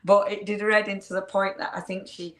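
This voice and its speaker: A woman, chatting casually in a lively, exclamatory way and laughing a lot. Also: medium pitch, a little fast. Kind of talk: casual chat. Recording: roomy echo.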